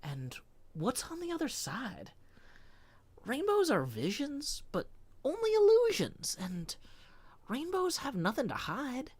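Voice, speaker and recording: A man putting on a dramatic, halting spoken-word impression of a famous actor, stretching out phrases with big swings in pitch. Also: huge pitch swings, husky, dry recording, heavily acted. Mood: dramatic recital.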